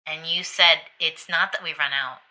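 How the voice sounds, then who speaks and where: Woman host, low voice but bright tone, gentle and encouraging. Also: steady tone, normal speed, poor audio. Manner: gentle, encouraging, lots of soft murmurs of agreement. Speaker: podcast host. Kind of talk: casual interview conversation.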